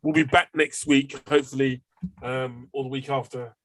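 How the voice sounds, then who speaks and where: A man's voice: medium pitch, steady tone, moderate pace. A man hosting a casual podcast chat. He rambles with lots of fillers and the odd swear word. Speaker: podcast host.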